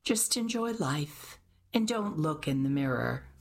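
A woman's voice: sits low, expressive, a little slow, exaggerated voice. A woman voicing a theatrical older hostess who gushes and plays up the drama. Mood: gushing. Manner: dramatic, gushing.

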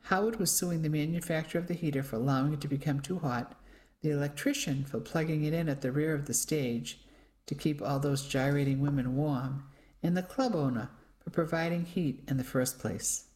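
A radio reading-service reader narrating a first-person novel in a dry, even storytelling manner. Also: medium pitch, a little fast. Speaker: audiobook reader.

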